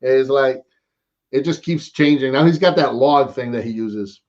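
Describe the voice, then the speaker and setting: A man's voice: mid-range voice, moderate pace, a little mellow, dull audio. An American man chatting casually on a live stream about toy collecting, rambling and saying "man" a lot. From United States. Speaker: co-host.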